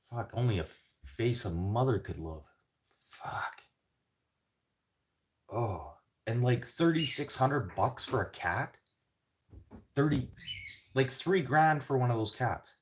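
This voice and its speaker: A man's voice: mid-range voice, expressive, slow pace, pauses often. A man from the Canadian prairies chatting casually in a rambling, joking way, swearing constantly. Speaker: vlogger.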